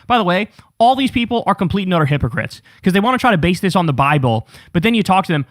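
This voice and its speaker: A man's voice: on the high side, very animated, quick pace, few pauses, no echo, clean studio sound. A man hosting a political commentary show, ranting with sarcastic, profane disbelief.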